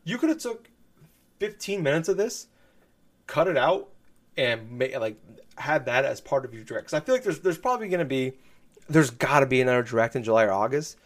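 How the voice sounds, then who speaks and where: A man chatting casually about video games on a podcast, rambling with lots of fillers and restarts. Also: mid-range voice. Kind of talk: casual gaming podcast chat.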